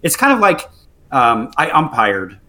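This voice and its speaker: Bright-voiced man chatting about gaming. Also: medium pitch, huge pitch swings, unhurried. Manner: rambling, many fillers and restarts. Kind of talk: casual gaming chat.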